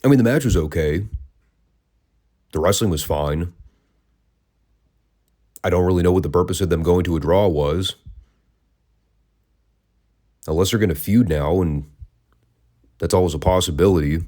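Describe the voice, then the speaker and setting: A man's voice: sits low, moderate pace, pauses often, dark tone. A man hosting a wrestling review podcast, talking casually with wry, sarcastic asides.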